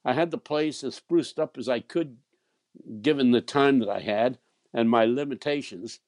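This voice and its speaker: A man's voice: mid-range voice, normal speed, a little mellow, no echo. Older man, stammering storyteller. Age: 80s. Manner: stammering repeats, chuckling as he tells. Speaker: preacher. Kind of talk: storytelling anecdote.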